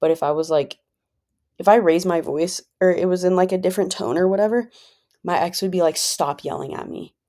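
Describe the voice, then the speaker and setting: Woman vlogger, low voice, easygoing chat with lots of filler words. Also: fairly even intonation, brisk, mellow. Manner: rambling, filler-heavy, conversational; calls herself a pretty chill person. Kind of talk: casual personal monologue.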